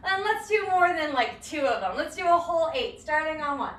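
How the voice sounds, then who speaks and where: A woman's voice: high-pitched, lively intonation, fairly quick, fairly bright tone, far from the mic. A woman teaching a live-streamed dance lesson, counting beats aloud in a playful, encouraging way. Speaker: dance instructor. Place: home or studio room. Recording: echoey room, voice from afar.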